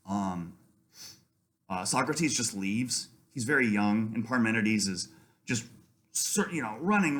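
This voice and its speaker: A man gives a casual literature lecture, reading passages aloud and then explaining them in an easygoing way. His voice sits in a middle register, and he fills pauses with frequent ums and uhs. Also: medium pitch, a bit bright. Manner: conversational, many ums, reads passages aloud.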